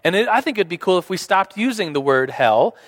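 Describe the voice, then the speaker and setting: High-voiced young man preaching in a hall. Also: very animated, a little fast, fairly bright tone. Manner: casual, rambling, many fillers and restarts. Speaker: pastor. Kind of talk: sermon. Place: church hall. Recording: reverberant hall.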